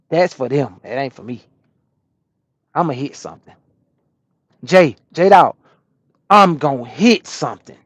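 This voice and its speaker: A man from Atlanta, a truck driver chatting casually on a live stream and answering viewers' comments in a relaxed, repetitive way. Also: fairly high pitch, dry recording, studio quality. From Atlanta, USA.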